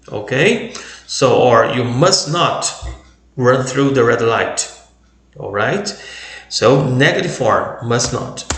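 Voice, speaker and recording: A man whose first language is Portuguese, explaining English grammar in a video lesson, slowly repeating example sentences. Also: mid-range voice, fairly bright tone, roomy sound. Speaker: English teacher.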